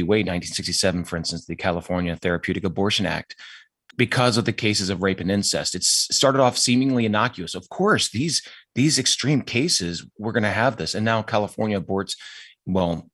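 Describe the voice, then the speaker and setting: Earnest man with a low voice. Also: fairly bright tone, no echo. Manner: earnest and emphatic. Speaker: guest. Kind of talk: interview answers.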